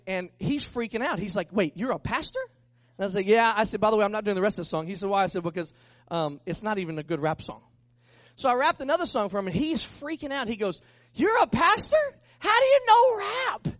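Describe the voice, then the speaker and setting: A high-pitched man preaching, telling a story with lots of energy and putting on voices for the people in it. The sound is dry and close, with a slightly dull tone. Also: no echo. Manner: animated, acts out the people in his story. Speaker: pastor. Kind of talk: storytelling sermon.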